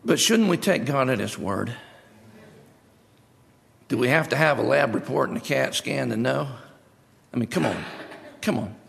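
A man's voice: medium pitch, animated, moderate pace, gravelly, long pauses, a little hiss or hum. A male preacher giving a sermon, emphatic, repeating his key phrases. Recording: long hall reverb.

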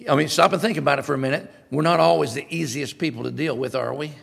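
A male pastor preaching a sermon in an animated, conversational way, with sudden loud bursts. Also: on the high side, quick pace, creaky, breathy edge, in a large hall.

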